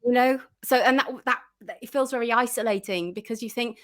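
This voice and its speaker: A woman's voice: a little high, a little fast. A woman guest chatting casually in an interview, full of fillers and restarts, acting out her own reactions.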